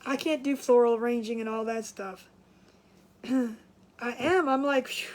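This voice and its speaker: Chatty woman livestreaming her crafts, a bit out of breath, higher-pitched voice. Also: measured pace, a little hiss or hum. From Maryland, USA. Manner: chatty, greets viewers by name. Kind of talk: casual live chat while crafting.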